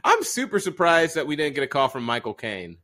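A man's voice: fairly high pitch, very animated, fairly quick, bright, forceful tone. A man co-hosting a comedy podcast, teasing his partner and judging his impressions with easy laughter. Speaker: podcast co-host. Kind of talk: casual comedic banter.

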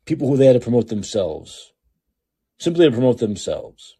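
A podcast host giving ranting political commentary, heated, profane and repetitive. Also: male voice, medium pitch, big pitch swings, moderate pace, dark tone, slightly rough.

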